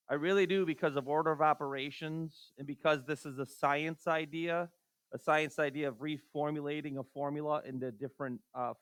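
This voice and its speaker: A man's voice: medium pitch, fairly bright tone, no echo. A man teaching a recorded math lesson, firing rhetorical questions at students and making exasperated asides. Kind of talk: recorded classroom lecture.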